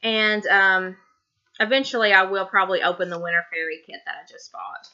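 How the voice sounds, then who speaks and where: A woman's voice: medium pitch, fairly quick, sharp tone, dull audio. A woman in her thirties from Tennessee with a Southern accent, chatting casually to camera in a rambling way with many ums. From Tennessee, USA. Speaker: craft vlogger.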